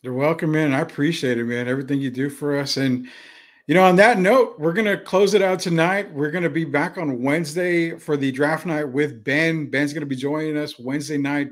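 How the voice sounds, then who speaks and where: A man's voice: a little high, fairly bright tone. A man hosting a casual sports talk show, laid-back and saying "man" often. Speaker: show host.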